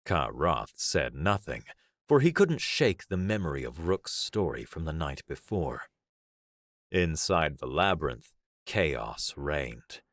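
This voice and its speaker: A man narrates a science fiction story in a measured, dramatic way. His voice is very deep and his intonation moves a lot, at an unhurried pace. The read is dry and close to the mic. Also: no echo. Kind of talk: audiobook sci-fi narration.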